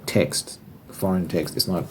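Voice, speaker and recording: A young man with an extremely deep, low voice rambles loosely in a casual ASMR chat, dropping the occasional swear word. Clear noise sits under the recording, with tapping and shuffled cards behind him. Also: steady tone, unhurried, a little mellow. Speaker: ASMR creator. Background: tapping and card shuffling noise.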